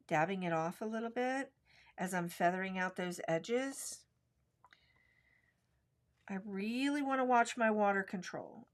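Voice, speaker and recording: A middle-aged woman teaching a live watercolor painting class, chatting and explaining each step as she works at her desk. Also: mid-range voice. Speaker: watercolor instructor.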